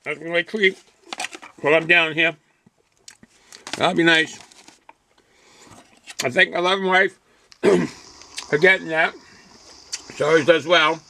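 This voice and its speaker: A man's voice: on the high side, steady tone, slow, creaky, long pauses, sharp tone, slight background noise. An older man reviewing a beer and snack at home, reading a package blurb aloud and then chatting loosely while he chews. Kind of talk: casual home video review.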